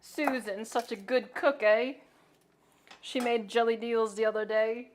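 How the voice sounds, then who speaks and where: A loud, hammy mock British character gushes in a slow, drawn-out put-on accent, as a woman streamer puts it on. The voice sits fairly high and leans hard on every vowel. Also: steady tone, slight background noise. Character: mock British person gushing about a good home cook.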